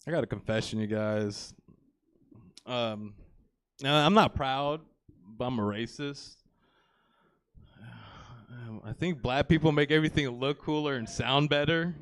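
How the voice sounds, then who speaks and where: A man's voice: medium pitch, unhurried, pauses often, clear, resonant tone, no echo, studio quality. A young man in his twenties doing a live stand-up set on a comedy theater stage, rambling and crude, with plenty of "you know" and "like".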